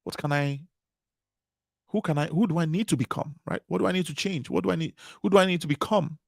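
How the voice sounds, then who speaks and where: A man's voice: fairly high pitch, quick pace, creaky, no room sound, clean studio sound. Emphatic man giving a motivational talk. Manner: repetitive, emphatic preaching cadence. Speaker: conference speaker.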